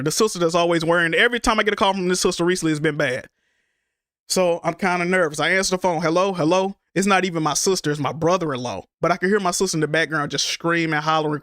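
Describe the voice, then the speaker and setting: High-voiced man recounting a painful story. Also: a bit bright, no echo, clean studio sound. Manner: emotional, halting retelling with repeated words. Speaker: streamer. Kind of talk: casual storytelling to stream viewers.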